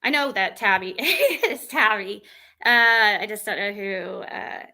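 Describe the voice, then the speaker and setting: Hosting a relaxed livestream while she has a cold, a woman speaks slowly in a mid-range voice with lively intonation and a sharp tone. She comes across as rambling and exasperated, with many fillers and restarts, on a low-quality recording.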